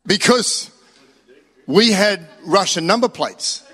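A middle-aged Australian man preaching in a somewhat high voice, telling stories in a chatty, emphatic way. His voice rings out with a long reverb, as in a church hall. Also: expressive, slow pace, pushed and bright, husky. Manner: chatty storytelling, emphatic rises. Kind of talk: sermon.

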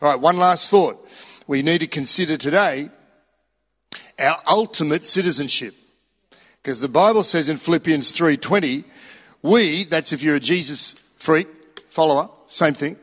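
A man's voice: on the high side, normal speed, pauses often, a bit bright. A middle-aged Australian man preaching a sermon in a chatty, storytelling way, with emphatic rises on key points. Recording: long hall reverb.

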